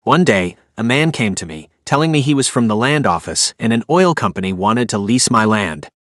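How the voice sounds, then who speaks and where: A man's voice: fairly low pitch, animated, moderate pace, a bit bright, no echo. Guy reading as a humble country guy who got rich, plain and self-deprecating, dry voice. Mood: earnest.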